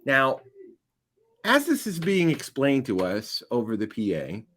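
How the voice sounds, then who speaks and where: A man telling a long anecdote as a podcast guest, animated and building to loud punchlines. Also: medium pitch, a little slow, slight background noise. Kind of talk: casual storytelling.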